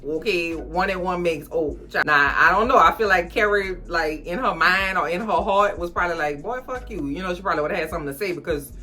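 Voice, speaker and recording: A woman ranting casually about a TV episode at home, animated and slangy, chatting straight to her viewers. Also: lowish voice, brisk, few pauses. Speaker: TV recap vlogger. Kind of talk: casual TV recap rant.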